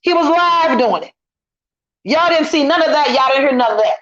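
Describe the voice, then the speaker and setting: A woman's voice: high voice, animated, moderate pace, fairly bright tone. A middle-aged woman guesting on a casual online commentary chat, talking emphatically and repeating her points as she vents. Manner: emphatic, repetitive, indignant venting. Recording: lo-fi dull audio.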